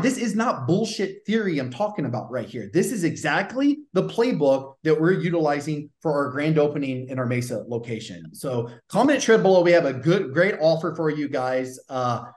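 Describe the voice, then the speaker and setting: A man's voice: fairly high pitch, big pitch swings, fairly quick, echoey room. A man with a Southern accent, a gym business coach hosting a show, talking in a punchy, pushy way and swearing casually. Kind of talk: energetic coaching talk.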